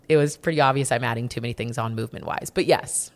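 Low-voiced frank woman, casual talk. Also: fast talker. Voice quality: low-pitched, frank, swears freely. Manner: emphatic, repeats words for stress. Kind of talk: candid casual conversation.

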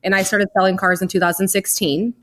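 A woman's voice: mid-range voice, level tone, fast talker, fairly bright tone. A woman in her thirties, a podcast guest, telling her story in a chatty way with many "like"s. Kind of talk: casual interview.

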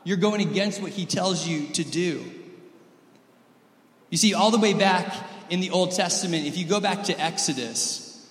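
A fairly high-voiced man in his thirties preaching in a church. He tells stories, swinging from loud and lively to soft and intimate. The sound rings with long hall reverb. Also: normal speed, pauses often. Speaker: pastor. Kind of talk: sermon.

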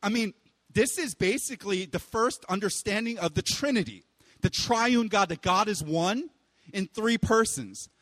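A young man preaching a casual, animated sermon, with playful asides and loud exclaiming bursts. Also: high voice, measured pace, no echo, long reverb tail. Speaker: pastor.

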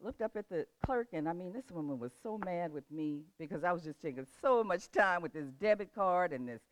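This older woman speaks briskly in a lowish voice, laughing a lot through an animated story before turning to a relaxed motivational talk on setting goals. The recording has no echo.

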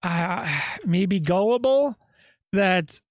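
A man's voice: high voice, drawn-out words, dry recording, studio quality. A man hosting a podcast, giving skeptical true-crime commentary full of rhetorical questions. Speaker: podcast host.

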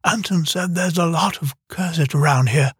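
A man's voice: on the high side, normal speed, husky, dry recording, studio quality, pitched above the performer's own voice. A man voicing a chatty, stubborn little village girl in an audiobook, talking earnestly and insistently. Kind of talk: audiobook character reading.

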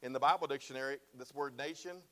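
A man's voice: medium pitch, fast talker, sharp tone. A man preaching a sermon with emphatic, repeated phrases, often asking "right?" and "amen?". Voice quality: bald-headed preacher, self-described.

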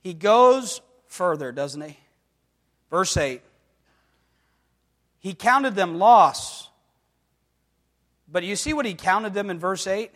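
Slow and animated, with long pauses, an adult pastor preaches in a high, slightly bright voice within a reverberant hall. He delivers emphatically, often asking the congregation in call-and-response fashion whether they follow, and acts out quoted voices in dramatic bursts.

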